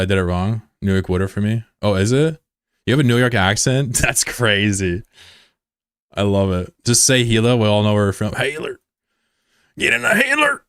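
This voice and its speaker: A man with a Mid-Atlantic American accent talks in a low, flat, laid-back way, chatting casually with viewers of his stream. The sound is dry and close, with no room echo. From United States. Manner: self-described monotone, plain and laid-back. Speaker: game streamer. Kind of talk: casual live-stream chat, reading viewer messages.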